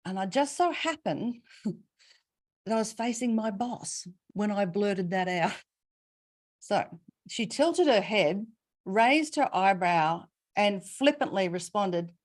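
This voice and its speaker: Rhetorical questions and expressively emphasized stories mark this webinar keynote by a medium-pitched, middle-aged Australian woman.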